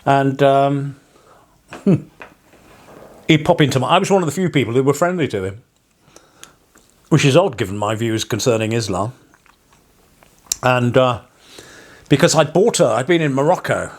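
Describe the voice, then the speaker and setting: An English parson chats casually to his viewers, drifting from one story to the next. His wry asides often end in a chuckle. His voice sits at an ordinary middle pitch. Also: lively intonation, normal speed, long pauses. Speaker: parson and vlogger. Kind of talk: casual rambling vlog monologue.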